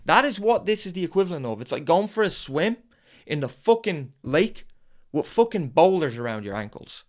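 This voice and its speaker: A man's voice: a little high, very animated, moderate pace. A man hosting a podcast, delivering an intense, profane motivational monologue. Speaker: podcast host.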